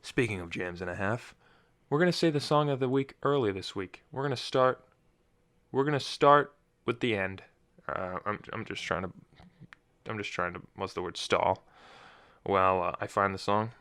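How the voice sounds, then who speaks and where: A man's voice: lowish voice, normal speed, long pauses, fairly bright tone, clear, resonant tone, dry recording. A young man hosting his own podcast in casual solo chat, rambling and often restarting his sentences. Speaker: podcast host.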